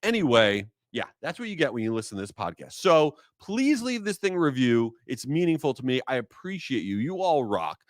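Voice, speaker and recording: Male solo podcaster, big swings in pitch, worked-up rants, close dry mic. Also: brisk, hardly any pauses, dry recording. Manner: animated, exasperated storytelling. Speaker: podcast host.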